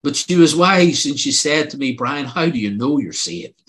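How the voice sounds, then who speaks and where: A man's voice: on the high side, moderate pace, fairly bright tone. Earnest older male preacher. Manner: earnest, pleading, rising to emphatic outbursts. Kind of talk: sermon with personal testimony.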